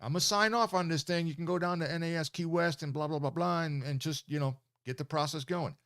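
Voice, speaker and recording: A man putting on the voice of a gruff, angry older male government official who questions him suspiciously. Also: on the high side, brisk, fairly bright tone, pitched above the performer's own voice, close to an everyday voice. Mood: grudging.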